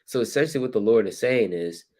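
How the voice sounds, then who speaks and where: Male teacher with a low voice, slangy and animated, leads scripture talk. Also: fast. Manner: animated, acts out scenes with sudden loud shouts; casual street slang.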